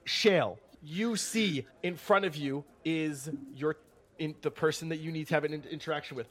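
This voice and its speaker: A man narrating a tabletop game as game master, animated, with sudden shouted character bits. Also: a little high, moderate pace.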